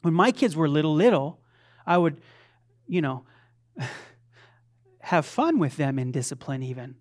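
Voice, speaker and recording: A man's voice: a little high, big pitch swings, a little slow. Fervent male preacher, rising and falling. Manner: swings between loud fervent preaching and soft conversational asides; acts out quoted voices of his children playfully. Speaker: pastor. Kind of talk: sermon.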